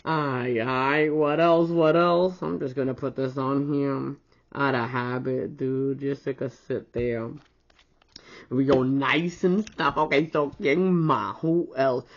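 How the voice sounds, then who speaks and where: A woman's voice: rumbling low, steady tone, slow pace. Chatty woman vlogger, playful and slangy, muffled home audio. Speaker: nail art vlogger. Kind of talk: casual demo chat.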